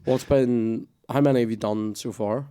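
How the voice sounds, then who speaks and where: A man's voice: mid-range voice, steady tone, normal speed, warm tone, smooth. Rambling, sweary man telling stories. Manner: rambling storyteller, swears freely, loses his thread. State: coughing. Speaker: podcast host. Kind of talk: casual chat.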